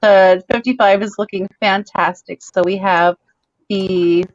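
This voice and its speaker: A woman's voice: medium pitch, fairly even intonation, measured pace, no echo, lo-fi sound. A woman with a slight New York accent, hosting a casual chat and laughing often. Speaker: host.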